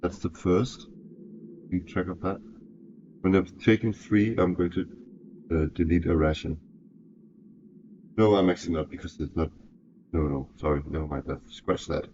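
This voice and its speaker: A man's voice: low voice, fairly even intonation, moderate pace, long pauses, dull audio, noisy background. A man narrating a solo tabletop game, thinking aloud and often correcting himself.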